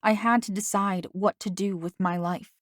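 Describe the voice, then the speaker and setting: A woman reading a first-person novel aloud as an audiobook narrator. Her telling is steady and even, with a middle-pitched voice. The recording is dry and close. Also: normal speed, no echo.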